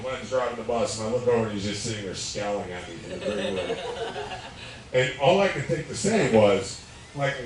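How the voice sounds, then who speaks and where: A man's voice: mid-range voice, expressive, a little fast. A man, doing a crude, profane live stand-up set while a little drunk, laughing at his own jokes. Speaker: stand-up comedian. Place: bar stage, live. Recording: echoey room, distant mic, crowd noise.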